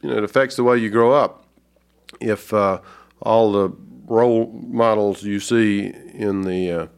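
A man from Georgia with a Southern accent, an author talking as an interview guest, thoughtful and halting with many fillers. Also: on the low side, steady tone, clear, resonant tone. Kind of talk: reflective interview talk.

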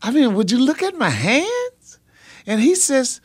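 Man, pastor in radio interview, lively swooping voice, dry studio sound. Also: very high voice, no room sound. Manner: animated, repetitive, drawn-out with many ums. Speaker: pastor and singer, interview guest.

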